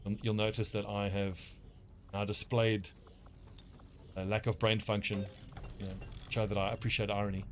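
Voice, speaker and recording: A man's voice: lowish voice, little pitch movement, moderate pace, long pauses, slight background noise. A man with a South African accent, rambling and swearing casually as he streams a game. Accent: South African English. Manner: rambling, profane, self-mocking. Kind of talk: casual gameplay commentary.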